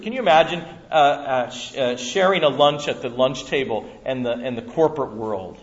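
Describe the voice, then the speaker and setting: A man preaching a Bible-teaching sermon in an animated way, acting out voices and laughing often. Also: mid-range voice, normal speed, hardly any pauses. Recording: muffled lo-fi recording.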